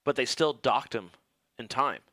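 A man co-hosting a casual podcast chat, telling stories in an animated way and acting out what others said. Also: medium pitch, a little slow, dry recording. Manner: animated storytelling, acts out quotes. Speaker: podcast co-host. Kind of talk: casual chat about motocross racing.

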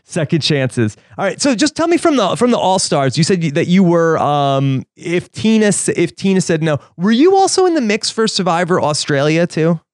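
A man hosting a podcast interview, chatty and quick to laugh. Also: on the high side, big pitch swings, no room sound, studio quality. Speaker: podcast host. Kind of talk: casual interview chat.

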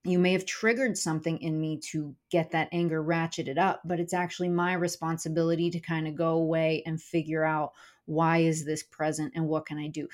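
A woman's voice: deep voice, a little mellow. A young adult woman, a comedian and speaker, talking candidly in a podcast interview and swearing casually. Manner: candid, swears casually, acts out inner voices. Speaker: guest, comedian and keynote speaker.

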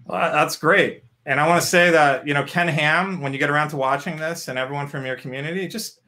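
A man hosts an interview in a relaxed, casual way. He keeps the tone upbeat and sprinkles in "you know" and "um" as he talks, and his voice sits slightly above the usual male range. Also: a little high, brisk. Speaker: show host.

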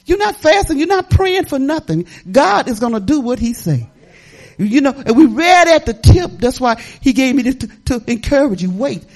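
A sermon comes from a middle-aged woman pastor whose high voice keeps a moderate pace. She's lively and folksy, laughing and engaging her congregation in back-and-forth.

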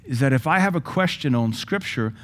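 A male pastor teaching a sermon in a lively, joking way, now and then breaking into praying in tongues. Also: medium pitch, a little fast.

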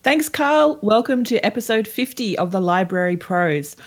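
A woman, from Australia, guest-hosting a podcast and asking relaxed interview questions. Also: mid-range voice, moderate pace. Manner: friendly, asks questions in a relaxed way. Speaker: guest host.

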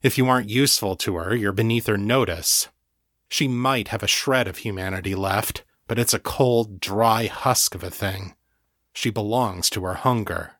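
Guy doing a guilt-ridden incubus priest, low voice, rough and heavy, dry sound. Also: normal speed, fairly bright tone, no echo, natural voice. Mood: grave.

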